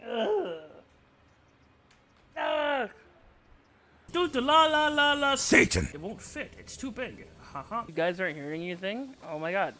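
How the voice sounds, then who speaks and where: A young man streaming a game live and bantering loudly with his chat, excitable and quick to yell. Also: very high-pitched, crowd noise. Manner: excitable, yelling at chat, quick mood swings. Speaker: VTuber streamer.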